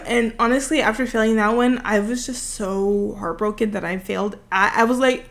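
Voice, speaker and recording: This twenty-something vlogger chats close to a desk mic while building, drifting through a long, self-deprecating story. Her voice sits in the mid range, fairly bright, at a moderate pace.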